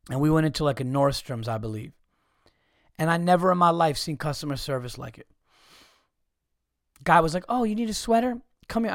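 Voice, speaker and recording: Man, podcast host, swearing a lot, fairly high voice, dry close sound. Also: dry recording. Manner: profane, animated storytelling with frequent restarts. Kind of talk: casual comedic rant.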